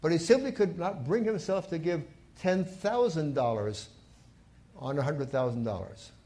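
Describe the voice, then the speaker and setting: A man's voice: on the high side, darkish tone. A man preaching a sermon in a church, telling stories and stressing key points with rising emphasis. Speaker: pastor.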